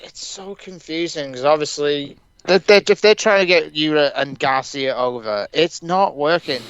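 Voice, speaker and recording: A man co-hosting a podcast in casual wrestling chat, excitable and sweary, swinging from low mutters to shouts. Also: normal speed, smooth, no echo. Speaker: podcast co-host. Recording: dull lo-fi sound.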